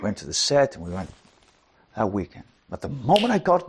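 A middle-aged man from South Africa preaching a sermon, dropping to hushed whispers and rising to loud emphatic declarations. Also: fairly low pitch, huge pitch swings, fairly quick, a little hiss or hum.

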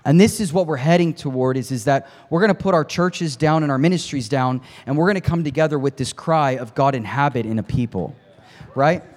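Male preacher, storytelling sermon, builds to shouting peaks, casual asides to the crowd, long hall reverb. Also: fairly high pitch, brisk. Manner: impassioned, climbs to near shouting at peaks; conversational asides to the congregation.

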